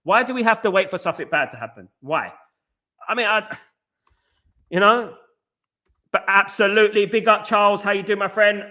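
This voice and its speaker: London-accented male streamer, casual and chatty, bright edge to the voice, reacts to viewer comments. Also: sits high, normal speed, pauses often. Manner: casual, says big up and mate a lot. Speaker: fan channel host. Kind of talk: live chat-reading fan stream.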